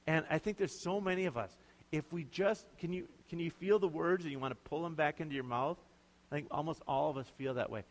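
A man's voice: a little high, fairly quick. A male pastor preaching a sermon in a conversational, emphatic way, often putting questions to his listeners. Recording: long hall reverb.

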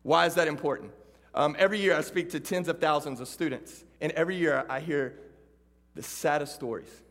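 Texan man preaching to students, fairly high voice, swings between rousing calls and quiet storytelling, long hall reverb. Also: a little fast. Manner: animated, shifts from loud calls to hushed storytelling. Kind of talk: sermon to students.

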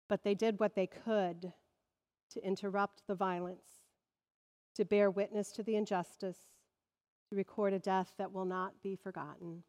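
A woman pastor delivering a sermon in a measured preaching manner that swells with emphasis. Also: mid-range voice. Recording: long reverb of a large hall.

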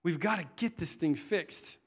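Middle-aged male preacher, earnest and conversational, slightly high voice, stumbles and restarts mid-thought. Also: moderate pace, husky. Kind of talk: sermon.

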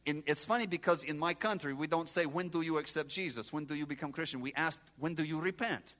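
A man in his sixties from Moldova with a Moldovan accent and broken English, giving an animated testimony sermon and talking back to his audience. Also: a little high, fast. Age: 60s. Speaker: guest preacher.

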